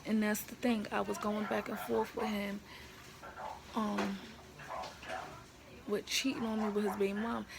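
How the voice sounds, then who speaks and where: Woman vlogging on her phone in a hospital room, gravelly voice, blunt and emotional, lots of room noise. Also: mid-range voice, little pitch movement, measured pace, long pauses. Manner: frank, emotional, blunt and slangy. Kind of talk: candid personal storytelling to camera. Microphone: handheld phone camera. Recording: noisy room ambience.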